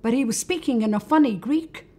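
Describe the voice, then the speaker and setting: A woman's voice: a little high, a little fast, mellow. A woman hosting a religious talk, telling a story in a conversational way and inviting listeners along. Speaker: host.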